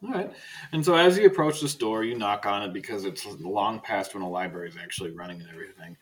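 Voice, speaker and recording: A man narrating a tabletop game as game master, casual and halting. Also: on the low side, a bit bright. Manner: casual, halting, with many fillers.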